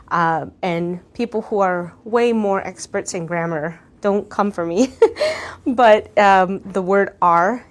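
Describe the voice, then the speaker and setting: A woman hosting a podcast, musing slowly and asking the listener reflective questions. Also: mid-range voice. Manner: slow, musing, asks the listener gentle questions. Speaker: podcast host. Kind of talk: reflective guided monologue.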